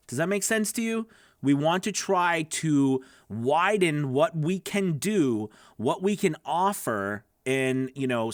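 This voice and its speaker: A voice acting coach teaches in a casual, conversational way, peppering his talk with fillers and asides. His voice runs on the high side, captured with clean studio sound and no room sound.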